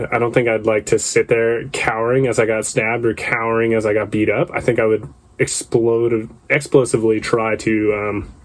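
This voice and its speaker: A man talking alone into a podcast mic, spinning a long rambling story. He swears casually, laughs at himself and briefly acts out the other people in the story. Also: on the low side. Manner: acts out the people in his stories. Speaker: podcast host.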